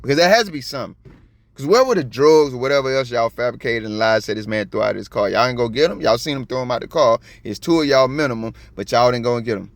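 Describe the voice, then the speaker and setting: A man from Georgia with a Southern accent, giving slangy, preachy video commentary that swings from soft to loud. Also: medium pitch, quick pace, dry recording. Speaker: copwatch commentator.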